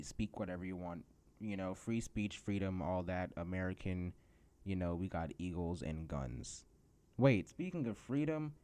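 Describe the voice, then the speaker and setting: A man's voice: sits low, darkish tone. A teenage guy hosting a solo podcast, ranting sarcastically about his job hunt. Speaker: podcast host.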